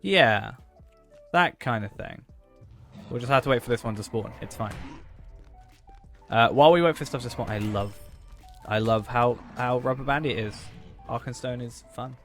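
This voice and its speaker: His voice is medium in pitch and a bit bright, moving at a normal speed but broken by long pauses. He's playing a game on stream, joking and chatting casually with viewers, while soft music plays behind him.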